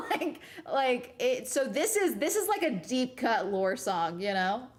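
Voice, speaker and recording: A woman's voice: a little high, lively intonation, a little slow. A young woman vlogger chatting casually, rambling and giggling with many fillers. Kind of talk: casual chat. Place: at home after a cruise.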